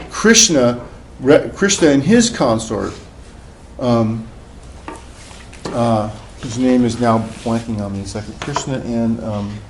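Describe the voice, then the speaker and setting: A man's voice: medium pitch, a little hiss or hum, poor audio. Chatty male professor lecturing with fillers. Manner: conversational storytelling, many fillers and restarts. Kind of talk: classroom lecture.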